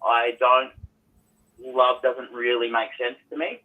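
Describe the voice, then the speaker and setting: A man's voice: mid-range voice, steady tone, slow pace. A man calling into a talk show, rambling about his home life with many restarts. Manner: rambling, restarts, quotes others in put-on voices. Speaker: caller. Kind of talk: phone-in call, personal story. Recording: tinny phone line.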